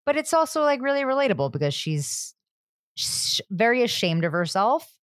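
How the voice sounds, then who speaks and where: Woman, podcast co-host, playful quips, very expressive pitch, dry recording. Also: dry recording. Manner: playful, quick asides, laughs often. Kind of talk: casual chat.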